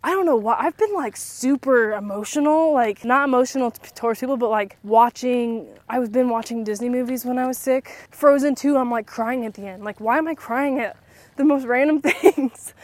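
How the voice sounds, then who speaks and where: Rambly twenty-something mom host chatting on a walk, kinda breathless, lots of likes. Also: female voice, a little high, normal speed, darkish tone, no room sound. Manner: chatty, rambling, many "like" fillers. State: slightly out of breath. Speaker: podcast host. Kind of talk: casual chat while walking. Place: outdoors, walking around a neighborhood.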